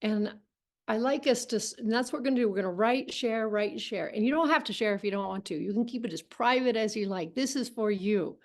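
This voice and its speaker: A woman leading a healing writing workshop on a video call, speaking in a gentle, encouraging and reflective way. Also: on the high side, fairly quick.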